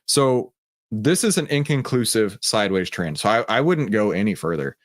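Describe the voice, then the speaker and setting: A man's voice: on the low side, sing-song, moderate pace, no echo, studio quality. A middle-aged man with a Texan accent hosts a livestreamed trading room, talking casually with lots of fillers. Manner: casual and chatty, many fillers.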